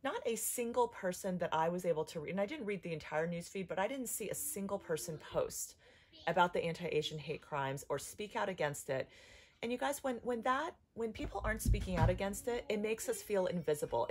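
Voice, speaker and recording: A woman in her thirties talking into her camera at home in an emotional personal vlog, upset and halting, restarting sentences and filling gaps with "like". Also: medium pitch, lively intonation, slight background noise. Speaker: vlogger.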